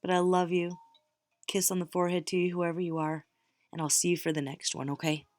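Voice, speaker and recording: A woman's voice: on the low side, level tone, brisk, no echo, clean studio sound, soft background music. A middle-aged woman reading tarot cards, talking casually and encouragingly straight to her viewers. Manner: warm encouraging pep talk, direct address. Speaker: tarot reader.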